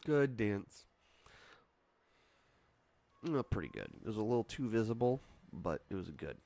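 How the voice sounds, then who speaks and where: A man's voice: on the low side, big pitch swings, unhurried, creaky, pauses often, darkish tone. A man hosting a livestream, casually reacting to wrestling in a playful, teasing way. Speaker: livestream host. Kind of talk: casual wrestling watch-along commentary.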